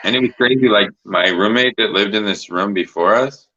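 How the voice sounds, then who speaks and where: Host, male, very low voice, bright and forceful, loose rambling talk full of swearing, dull lo-fi audio. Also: a little fast. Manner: rambling, heavy swearing and filler words. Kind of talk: casual livestream chat.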